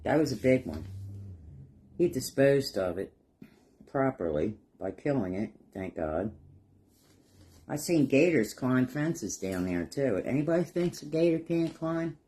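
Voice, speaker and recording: A middle-aged craft vlogger chats casually while painting, sharing rambling, folksy stories and chuckling. His mellow, medium-pitched voice swings widely in pitch and moves at a measured pace.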